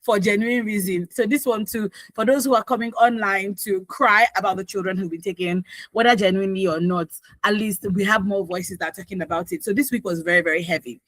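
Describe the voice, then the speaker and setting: A woman with a Nigerian accent hosting morning radio talk, opinionated and animated, full of asides, on a studio microphone. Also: mid-range voice, fairly quick, no echo, rough recording. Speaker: radio host.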